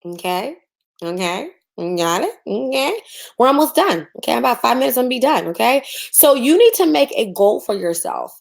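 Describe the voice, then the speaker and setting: A woman's voice: fairly high pitch, very animated, normal speed, creaky. A woman business coach, teaching on a livestream in a sassy, preachy way and acting out mocking voices.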